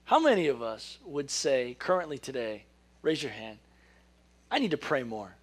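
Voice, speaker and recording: A man giving a sermon, who reads scripture slowly and then talks casually, laughing at his own corny jokes. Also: medium pitch, huge pitch swings, breathy edge. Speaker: preacher. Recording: podcast recording of a live sermon.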